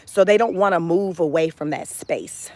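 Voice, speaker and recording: A woman's voice: on the low side, normal speed, a little mellow, dry recording. Emphatic woman on a motivational livestream. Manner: emphatic, repeats phrases, laughs often. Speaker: livestream host. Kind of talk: casual motivational livestream talk.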